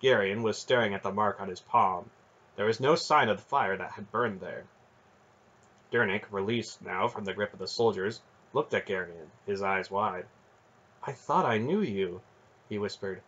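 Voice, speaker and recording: Male fantasy audiobook narrator, low husky voice, muffled lo-fi recording. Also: moderate pace. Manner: dramatic storybook narration, expressive. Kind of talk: fan audiobook reading.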